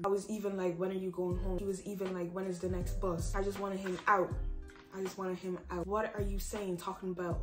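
A woman's voice: mid-range voice, fairly bright tone. Blunt, profane young woman vlogging. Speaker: vlogger giving dating advice. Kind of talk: casual advice monologue. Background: background music.

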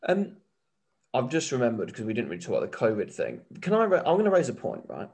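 Male podcast co-host, lively swooping pitch, excitable and rambling, casual banter. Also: fast, gravelly. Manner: animated, excitable, rambling with restarts. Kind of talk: casual rugby chat.

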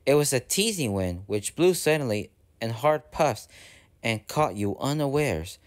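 A man narrating a storybook aloud in a steady, even read-aloud manner. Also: mid-range voice, measured pace. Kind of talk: storybook reading.

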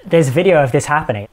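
A man talks casually as a podcast host, explaining in an animated way. He slips into quotes with a dry, amused edge. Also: a little high, a little hiss or hum.

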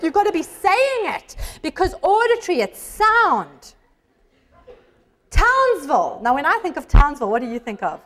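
A woman teaching students memory strategies in a lively workshop talk, acting out her memory pictures with cries and little voices. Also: very high voice, normal speed. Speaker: motivational speaker and study skills teacher.

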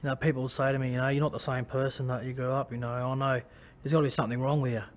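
Australian man, former league player, candid testimony. Halting, restarts, level tone. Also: mid-range voice, little pitch movement. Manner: halting, many restarts and fillers. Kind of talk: personal testimony.

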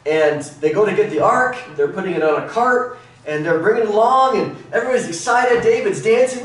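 A middle-aged man leads a church Bible class with an animated delivery, acting out quotes. His voice sits high and swings widely in pitch. He is picked up from a distance in an echoey church room, with faint noise underneath. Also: brisk. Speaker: Bible teacher. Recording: roomy echo, mic at a distance, faint noise.

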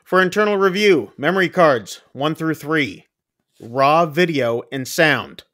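A podcast co-host on a horror film show recaps a movie in casual, rambling chat, acting out screams and quoted lines. His slightly high voice is animated, fairly bright, and a little slow. The recording is dry, with clean studio sound.

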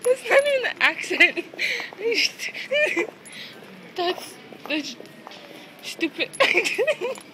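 High, lively young woman, teasing and giggly, home video shot in a noisy airport. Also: very slow, long pauses. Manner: giggly teasing, frequent laughter. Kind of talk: casual family home video. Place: busy airport terminal.

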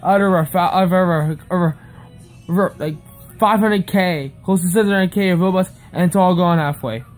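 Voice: medium pitch, moderate pace. A young speaker with a mid-range voice, ranting and begging in turns. Swear words get swapped for a spoken "beep". Faint music plays underneath. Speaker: upset player. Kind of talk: angry rant to camera.

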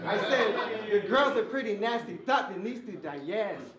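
A man's voice: sits high, slow, roomy sound, a crowd in the background. A man battle rapping a cappella, delivering taunting punchlines at an opponent at a live event. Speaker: battle rapper.

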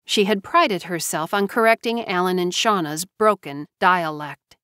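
A woman narrating a novel as an audiobook in a measured storytelling manner. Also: on the low side, a bit bright, dry recording, clean studio sound.

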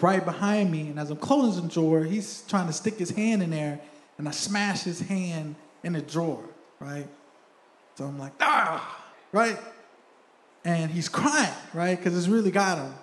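A man's voice: fairly high pitch, darkish tone, reverberant. A young man, a church elder, tells a personal story in a sermon, chatty, and keeps asking "right?". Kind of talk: sermon testimony. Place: church sanctuary.

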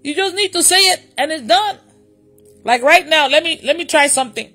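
A woman's voice: sits high, lively intonation, moderate pace, sharp tone, faint music behind. A woman preacher leading a livestreamed prayer session, who laughs often and repeats her phrases.

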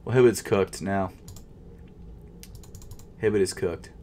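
Here a sneaker vlogger talks slowly in a low voice, a frustrated young man muttering through an online checkout in casual live commentary. Nervous and stuttering, he alternates between quiet mumbling and loud outbursts. Some slight background noise sits behind him.

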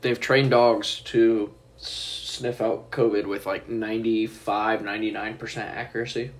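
A man's voice: fairly low pitch, level tone, normal speed. A young man talking casually and teasingly in a rambling home vlog from student housing. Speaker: vlogger.

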